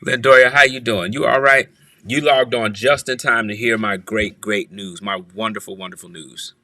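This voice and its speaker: A man's voice: on the low side, steady tone, normal speed, sharp tone, dry recording. A man hosting a church livestream, greeting viewers one by one and playfully teasing them from his office. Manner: playful, teasing, repeats phrases.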